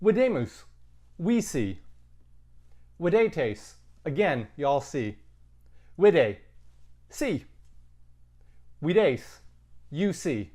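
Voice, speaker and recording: A man's voice: on the high side, sing-song, very slow, pauses often, dark tone. A man teaching a Latin lesson, thinking aloud with casual asides. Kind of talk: recorded lesson.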